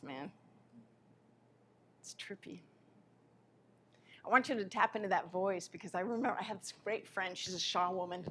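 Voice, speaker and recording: A woman giving a live spiritual lecture in an impassioned way, her voice swinging between soft, quiet passages and sudden loud ones. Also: mid-range voice, slight background noise.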